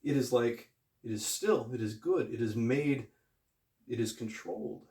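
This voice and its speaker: A man talks through a Bible lesson in a relaxed, conversational way, hammering points home by repeating phrases. His voice sits at an ordinary middle pitch. The recording carries a noticeable echo from the room around him. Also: unhurried. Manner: conversational, emphatic, repeats phrases while teaching. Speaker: Bible teacher. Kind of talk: casual video Bible lesson. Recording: echoey room.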